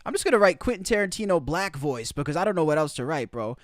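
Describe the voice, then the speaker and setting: A man delivers an opinion commentary monologue, emphatic and incredulous, hammering points by repeating them. His pitch rises and falls with lively swings. The sound is close and dry. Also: fast, few pauses, no room sound. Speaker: commentary host.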